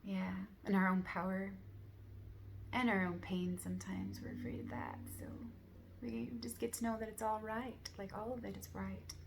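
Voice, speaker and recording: A woman speaking in a soft, earnest, rambling way, full of casual fillers, sharing reflections in a relaxed monologue. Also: medium pitch, normal speed, creaky, slight background noise. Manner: soft, rambling, many "like" fillers, gentle laughs; earnest, affirming. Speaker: spiritual vlogger.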